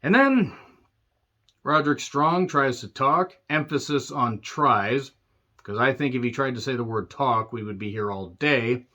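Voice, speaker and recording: A man's voice: medium pitch, lively intonation, unhurried, sharp tone. A man in a mid-range voice rants through a wrestling show recap, sarcastic and exasperated, swearing as he goes. The sound is dull and lo-fi, like a home mic. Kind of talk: ranting show review.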